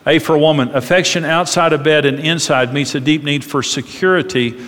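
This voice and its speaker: In a sermon-style talk on marriage, a middle-aged man with a fairly high voice speaks a little fast, animated and doing little voices in his stories. A long reverb from a large hall carries the sound.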